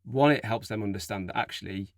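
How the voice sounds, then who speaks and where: Low-voiced dad giving earnest advice. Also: male voice, fast, creaky, no room sound, studio quality. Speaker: podcast co-host. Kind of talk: casual chat.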